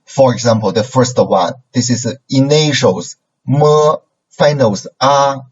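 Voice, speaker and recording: Taking it slowly, a man with a medium-pitched, a little mellow voice patiently models sounds for a language class, checking in with "right?" after every point. The lo-fi recording sounds dull, with slight background noise.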